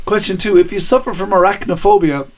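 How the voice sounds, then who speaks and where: A man's voice: sits high, steady tone, brisk. A man hosting a live-streamed kids' quiz, reading out questions and answers with chatty, jokey asides. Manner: chatty, cheerful, jokey asides to young viewers. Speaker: quiz host.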